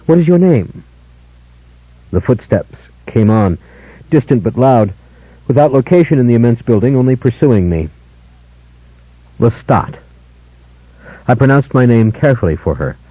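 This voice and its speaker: A man narrating an unabridged audiobook in a measured, dramatic first-person style. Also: medium pitch, lively intonation, no room sound. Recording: dull lo-fi older audiobook, dry.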